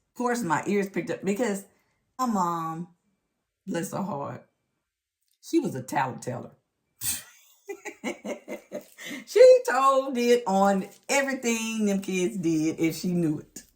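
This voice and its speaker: Animated woman telling a story. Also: lowish voice. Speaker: vlog host. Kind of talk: casual storytelling.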